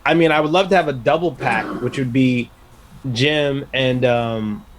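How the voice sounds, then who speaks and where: A man's voice: medium pitch, unhurried, a little hiss or hum. A man co-hosting a casual comedy podcast, joking crudely and cutting in on the others. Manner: joking, crude, interrupts a lot. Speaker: podcast co-host.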